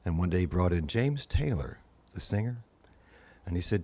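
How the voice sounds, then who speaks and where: An older man, a guest musician with a low voice, tells long anecdotes at a moderate pace in casual conversation. He brings them to life by acting out the voices of the people he quotes.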